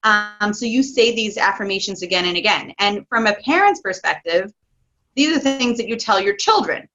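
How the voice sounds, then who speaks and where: Bright-voiced chatty woman, dull lo-fi sound. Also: medium pitch, normal speed. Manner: chatty, excitable, laughs often. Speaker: parenting coach guest. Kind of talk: casual interview talk.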